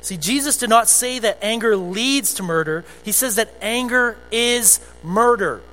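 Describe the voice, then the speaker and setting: High-voiced pastor in a reverberant hall. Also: male voice, measured pace. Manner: conversational, animated preaching with storytelling asides. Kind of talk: sermon. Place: church sanctuary. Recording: long hall reverb with faint music.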